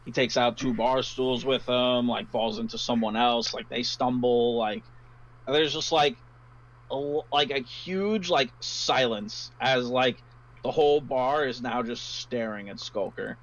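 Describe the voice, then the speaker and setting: A man's voice: mid-range voice, measured pace, dull audio. A man running a tabletop game as game master, narrating loosely with lots of fillers. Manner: loose, rambling, many fillers.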